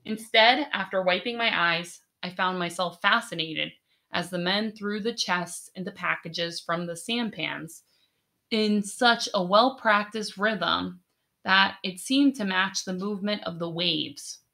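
A woman narrates a story in the first person, reading it slowly and carefully. Her voice is medium-pitched, and she lets each phrase settle before moving on. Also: vocal fry, bright, forceful tone. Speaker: audiobook narrator.

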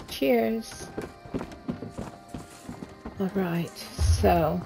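A woman streaming a video game, giving casual, unhurried commentary and thinking aloud. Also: medium pitch, creaky, darkish tone.

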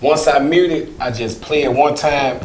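A joking man from Mississippi with a rural Southern accent, talking in a loose, easygoing way and often breaking off to restart. His voice sits at an ordinary pitch for a man. It rings around a roomy space, with steady noise clearly audible behind him. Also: normal speed. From Mississippi, USA. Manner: laid-back, joking, repeats and restarts, laughs easily. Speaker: comedian and voiceover creator, guest. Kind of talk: casual interview. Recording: echoey room with clear background noise.

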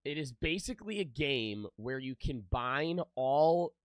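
A man's voice: medium pitch, expressive, unhurried, no room sound. A young man streaming, chatting loosely with his viewers, joking and swearing freely. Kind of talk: casual live-stream chat with viewers.

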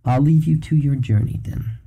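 A man's voice: mid-range voice, moderate pace, gravelly, husky, narrow, tinny audio, voice pushed up. A man reading aloud and voicing a cheerful, cryptic old man who talks in a gleeful, playful way. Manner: gleeful, chuckling.

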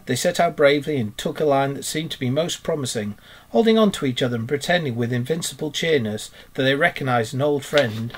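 A man, a teacher, reading a children's story aloud in a steady, expressive narrating voice. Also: mid-range voice, husky.

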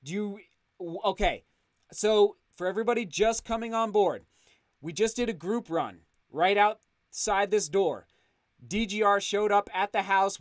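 Excited high-voiced man hosting a live stream. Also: no echo, clean studio sound. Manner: enthusiastic, grateful, often restarts words. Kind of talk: live stream chat, reading super chats. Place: home studio indoors.

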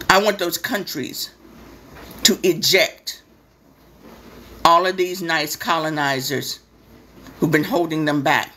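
A woman's voice: low-pitched, bright, forceful tone, a little hiss or hum. Blunt, profane woman ranting live. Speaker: host of a live stream. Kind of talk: impassioned live-stream rant.

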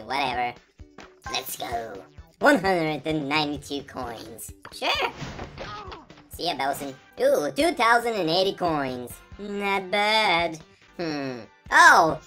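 A woman's voice: low voice, a bit bright. A woman giving playful let's-play commentary, chatty and teasing as she talks to the characters on screen. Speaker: gameplay commentator. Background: game music.

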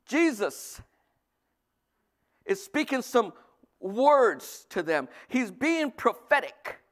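High-voiced male pastor preaching. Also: extremely slow. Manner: lively, swings from loud bursts to soft asides. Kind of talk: sermon.

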